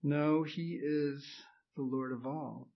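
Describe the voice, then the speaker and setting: Slow, fervent preaching man. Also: fairly high pitch, steady tone, vocal fry, dull audio. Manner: emphatic, rising to fervent exclamations. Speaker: pastor. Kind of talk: sermon.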